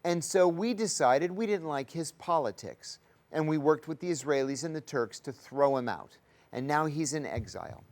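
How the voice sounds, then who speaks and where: A man hosts a talk show in an earnest, pressing way, voice pitched a bit above most men. He leans into his points and lets his tone rise on them. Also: lively intonation, moderate pace, a little mellow. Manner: earnest, rising emphasis, acts out quoted voices. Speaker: host.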